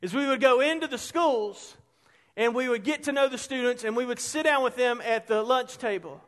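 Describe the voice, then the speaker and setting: Brief: middle-aged man, pastor, high-pitched, animated storyteller who drops quiet for emphasis. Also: normal speed. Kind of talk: sermon with storytelling. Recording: long hall reverb.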